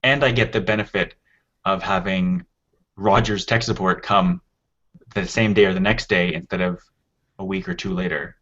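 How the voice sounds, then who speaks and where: A man with a lowish voice co-hosts a tech podcast in a casual, rambling way, often restarting his sentences as he explains. The audio sounds dull and lo-fi. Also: steady tone, moderate pace, fairly bright tone. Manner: explains at length with many restarts. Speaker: podcast co-host. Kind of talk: casual chat.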